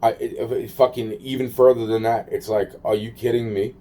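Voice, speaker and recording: A man's voice: mid-range voice, little pitch movement, normal speed, warm tone, slight background noise. A man rambling to camera in a profane, agitated monologue, repeating himself and trailing off.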